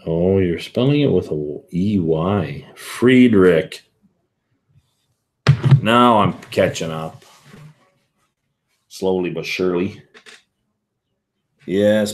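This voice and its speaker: Man, deep low voice, casual livestream host, rambling, answering chat comments. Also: slow, pauses often, a little mellow. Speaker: whisky show host.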